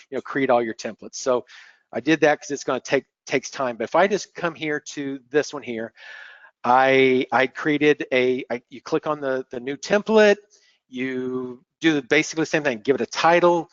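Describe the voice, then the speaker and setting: Man walking through software, dull webinar audio. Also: medium pitch, dry recording. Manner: relaxed, explanatory, repeats words while clicking. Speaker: software demo presenter. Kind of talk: screen-share webinar walkthrough.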